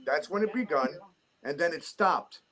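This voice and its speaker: A man's voice: on the high side, expressive, normal speed, a bit bright. A middle-aged man with a New York accent, ranting heatedly and cursing in a casual chat.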